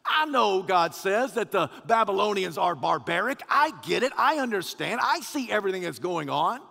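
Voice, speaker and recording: A man voicing God as a stern, weighty divine figure, speaking in slow, measured lines within a sermon. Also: high-pitched, big pitch swings, gravelly, sharp tone, big-room sound, heavily acted.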